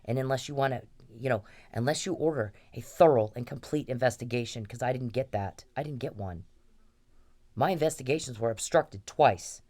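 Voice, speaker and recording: A woman delivering an angry, profane monologue in a forceful, ranting manner. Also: rumbling low, moderate pace. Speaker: complainant.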